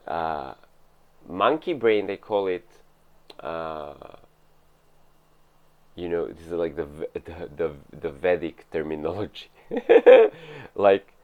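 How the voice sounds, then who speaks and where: A man's voice: low-pitched, clear, resonant tone. A man giving a casual spiritual talk about meditation, rambling loosely with lots of fillers and asides. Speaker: meditation teacher. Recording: narrow phone-like sound.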